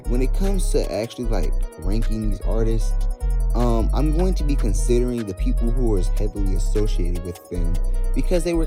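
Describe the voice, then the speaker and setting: Blunt Southern young man ranting. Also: fairly low pitch. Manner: blunt, profane, animated ranting. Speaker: YouTuber. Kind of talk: casual commentary.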